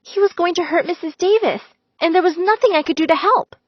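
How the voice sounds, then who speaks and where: A woman narrating a first-person story in a dramatic, expressive way. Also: extremely high pitch, fairly quick, dry recording. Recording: slightly dull, dry recording.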